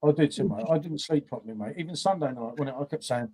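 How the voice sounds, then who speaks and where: A man's voice: a little high, quick pace, mellow, breathy edge. A man, a guest on a live beer stream, pleading and laughing sheepishly with a friend. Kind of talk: casual banter on a live stream.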